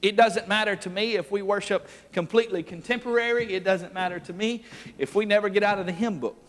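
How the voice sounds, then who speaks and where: Man preaching revival, fairly high voice, folksy and laughing, long church reverb. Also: a little fast. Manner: folksy storytelling, laughs often, builds to loud preaching. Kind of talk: revival sermon. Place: church sanctuary.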